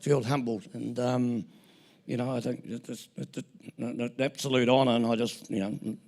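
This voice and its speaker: A man's voice: mid-range voice, flat delivery, moderate pace, darkish tone. An older man in his seventies with a New Zealand accent, giving a rambling, joking acceptance speech full of anecdotes at an awards ceremony. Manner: rambling, joking, self-interrupting. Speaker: award recipient.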